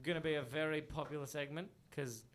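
Man, podcast co-host, casual chat, excitable, laughs a lot, slightly high voice. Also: fairly quick, crowd noise.

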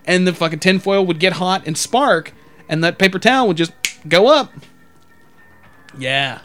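High-voiced man telling profane stories. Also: moderate pace, soft background music. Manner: profane, animated, acts out the people in his stories. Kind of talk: casual storytelling chat.

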